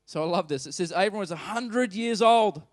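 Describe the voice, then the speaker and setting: A man's voice: sits high, moderate pace, no room sound, clean studio sound. Conversational, emphatic male pastor. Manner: conversational, emphatic, asks the congregation questions. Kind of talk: sermon.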